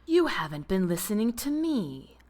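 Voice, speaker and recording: A woman's voice: mid-range voice, normal speed. Woman doing a smug corrupt judge. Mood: smug calm. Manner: calm, contemptuous. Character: corrupt smug male judge, calm and wicked.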